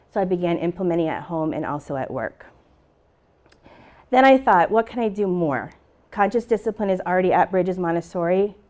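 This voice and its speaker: A woman's voice: lowish voice, dark tone. A middle-aged woman teacher giving a conference presentation, telling a heartfelt personal story to a live audience and acting out the dialogue in it. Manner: heartfelt, emotional, retelling dialogue. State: tearful at moments.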